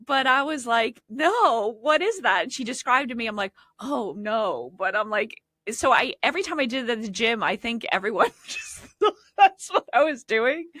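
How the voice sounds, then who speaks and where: A woman co-hosting a casual podcast chat, rambling through stories and laughing often and loudly. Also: on the high side, animated, a little fast, no echo, clean studio sound. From Connecticut, USA. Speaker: podcast co-host.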